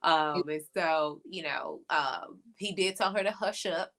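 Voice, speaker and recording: This is a woman co-host in her thirties with a slightly low voice, chatting casually. She circles back with fillers and restarts and laughs easily as she goes. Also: unhurried, a bit bright. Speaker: podcast co-host. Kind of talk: casual chat reviewing a reality show.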